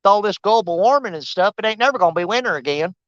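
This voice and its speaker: A man's voice: high voice, animated, racing, a bit bright, dry recording, dull audio. A man hosting a fishing livestream outdoors. He rambles casually to his viewers and teases the fish. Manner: rambling, teasing, talks to the fish. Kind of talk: casual live-stream chat. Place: outdoors on a riverbank.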